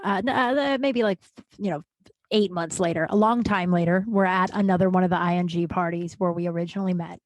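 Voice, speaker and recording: A woman's voice: on the low side, dry recording. A woman hosting her own podcast, telling a personal story in a chatty, casual way, peppered with "like", and acting out what people said. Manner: chatty, heavy use of "like", acts out quoted voices. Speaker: podcast host.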